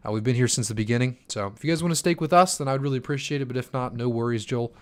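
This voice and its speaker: A man's voice: mid-range voice, very fast. A tired young man in his twenties answers viewer questions on a casual livestream. His talk is loose and chatty, full of fillers and stumbling restarts. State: tired from poor sleep. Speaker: crypto channel host answering chat. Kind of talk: casual live-stream Q&A.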